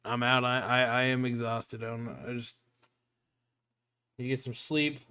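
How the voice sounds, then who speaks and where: A man's voice: mid-range voice, little pitch movement, normal speed, bright, forceful tone, clear, resonant tone. A man hosting a casual live stream, talking in a laid-back, joking and rambling way, swearing now and then.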